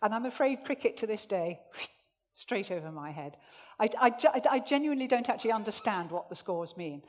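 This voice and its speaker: Lively woman trainer, echoey hall. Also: a little fast. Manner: lively, jokey, swings pitch widely for demonstration. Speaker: presentation skills trainer. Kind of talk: live workshop talk to an audience. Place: workshop room with a live audience.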